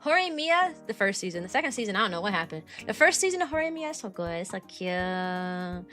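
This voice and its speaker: A woman's voice: high-pitched, racing. A young woman streaming as a VTuber, chatting casually and rambling with lots of "like". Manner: rambling, lots of "like", bubbly and animated. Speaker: VTuber streamer and kindergarten teacher. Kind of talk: casual stream chat answering viewers.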